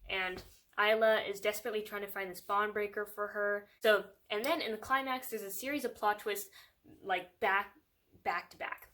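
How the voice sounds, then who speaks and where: A woman's voice: mid-range voice, steady tone, normal speed, fairly bright tone. A young woman reviewing a book in a casual, sarcastic chat, with lots of "like" and frequent laughter. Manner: chatty and sarcastic, fills with "like", laughs often.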